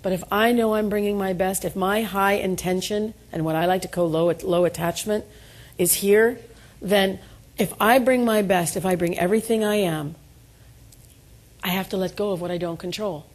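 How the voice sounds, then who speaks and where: A woman's voice: medium pitch, moderate pace. A middle-aged woman giving a motivational keynote to an audience, telling stories with self-deprecating humor and calling for responses. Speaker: keynote speaker. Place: event room before an audience.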